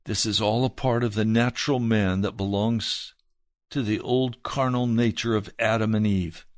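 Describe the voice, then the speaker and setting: A man's voice: steady tone, dry recording. Earnest male pastor preaching in a dry room. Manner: earnest, measured preaching, dropping soft and low for emphasis. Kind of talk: sermon reading and preaching.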